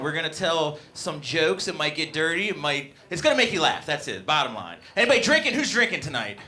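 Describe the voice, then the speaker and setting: A man in his late twenties doing a stand-up comedy set on a club stage, working the crowd in a loud, upbeat way. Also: on the high side, very animated, fast talker, hardly any pauses, heavy background noise.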